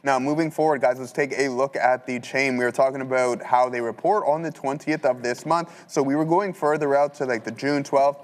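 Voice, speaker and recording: A man's voice: mid-range voice, fairly even intonation. Casual trader man in echoey room. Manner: casual, fast trader talk with fillers. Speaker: trading show host. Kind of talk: live market commentary. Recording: long hall reverb.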